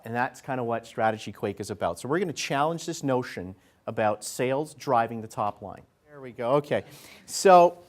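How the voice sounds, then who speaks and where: A man giving a conversational business talk to a live audience, folksy and acting out what salespeople and executives say. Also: medium pitch. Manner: conversational, folksy, acts out quotes. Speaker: keynote speaker. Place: event venue in front of an audience.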